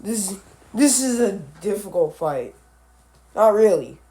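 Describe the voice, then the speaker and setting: A male animal vlogger talks through creature matchups at an unhurried, slow pace. He often stops mid-word to restart or correct himself. He drifts into offhand, musing asides along the way. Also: sits high, sing-song, warm tone. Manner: halting, with frequent restarts and self-corrections. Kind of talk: casual commentary on animal matchups.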